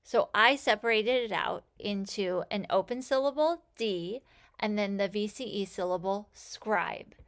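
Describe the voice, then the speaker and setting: A woman teaching a phonics lesson, sounding out letters and words with slow, clear enunciation. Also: mid-range voice, fairly bright tone. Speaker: reading teacher.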